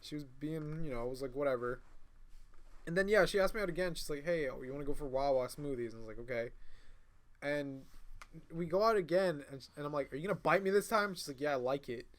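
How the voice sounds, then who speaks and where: A man's voice: on the high side, quick pace. A man, a podcast co-host, telling a long casual story among friends, swearing freely and acting out both sides of the dialogue. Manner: rambling, swearing, acts out both sides of dialogue, laughs mid-sentence.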